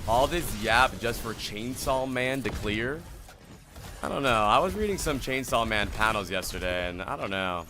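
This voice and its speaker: A man's voice: mid-range voice, lively intonation, normal speed, music in the background. A young man from New Jersey, a streamer rambling in slangy casual chat while answering his viewers.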